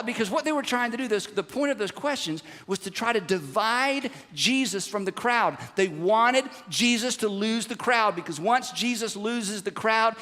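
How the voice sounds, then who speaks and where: A man preaching a sermon, animated and conversational, throwing rhetorical questions to the congregation. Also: high voice, long reverb tail. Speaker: pastor. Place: large church sanctuary.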